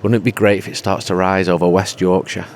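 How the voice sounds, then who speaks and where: A man's voice: low voice, flat delivery, quick pace, a little mellow. Jokey rambling man on a podcast. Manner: jokey, rambling, then rousing. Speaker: regular pundit. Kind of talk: casual podcast chat.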